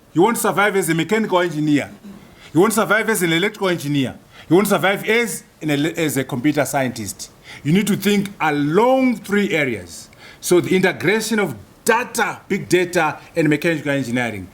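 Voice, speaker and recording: This is a man delivering a public lecture at a university. His voice sits a little high for a man, and he drives his points with emphatic, repeated phrases and long rhetorical lists. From Zimbabwe. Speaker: guest lecturer. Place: lecture hall.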